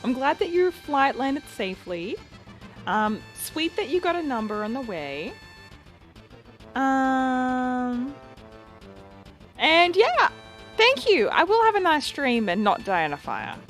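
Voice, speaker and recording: A woman's voice: sits high, very animated, slow pace, pauses often, a bit bright, faint music behind. A young woman chatting casually to her live-stream viewers while playing a game, reading chat aloud and laughing often. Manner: giggly, reads chat aloud, playful.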